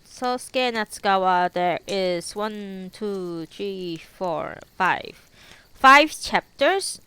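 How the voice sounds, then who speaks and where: A woman's voice: medium pitch, lively intonation, extremely slow, pushed and bright, clear, resonant tone. Giggly young woman chatting with viewers. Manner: giggly, chatty, talks back to chat. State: teary after crying. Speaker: live streamer reading books to chat. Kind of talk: casual chat between readings.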